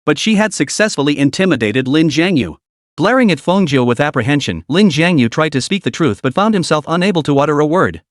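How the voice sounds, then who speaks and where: A fairly quick, slightly high male voice delivers a dramatic story recap as scripted narration, lively throughout and performing all the characters' dialogue on his own. The sound is clean studio audio with a dry quality.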